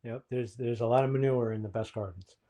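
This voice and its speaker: Man, therapist, podcast co-host, mellow warm tone, reflective, casual explaining. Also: mid-range voice, a little fast. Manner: reflective, explanatory, frequent ums.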